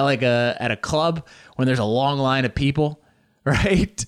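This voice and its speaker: Animated young man chatting to camera. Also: medium pitch, normal speed. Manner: animated, talks with his hands, jokey asides. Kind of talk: casual chat to camera.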